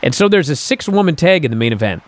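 Animated man recapping the show. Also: fairly high pitch, quick pace. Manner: animated, incredulous storytelling with many fillers. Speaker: podcast host.

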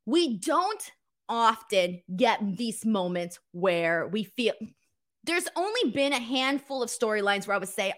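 A woman's voice: a little high, a little slow. A woman hosting a casual wrestling live stream, reading viewer messages with lots of laughter, joking and offhand swearing. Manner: laughs often, swears casually, animated and playful. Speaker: wrestling show host.

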